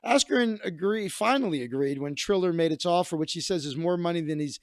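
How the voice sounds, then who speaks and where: A man's voice: fairly high pitch, a little fast, dry recording, clean studio sound. A man hosting a comedy show, telling a rambling story in a casual monologue with asides and laughter. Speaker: comedian host.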